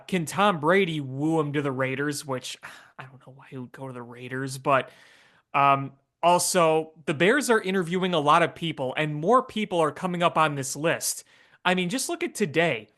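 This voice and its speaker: A man's voice: on the high side, sharp tone. A man co-hosting a sports talk podcast, rambling casually with stammering restarts.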